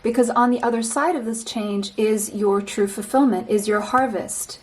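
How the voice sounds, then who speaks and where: A woman giving a pick-a-card tarot reading, speaking straight to the listener in a slow, reassuring way and often repeating a phrase. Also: fairly high pitch, a little mellow, a little hiss or hum, low-quality recording.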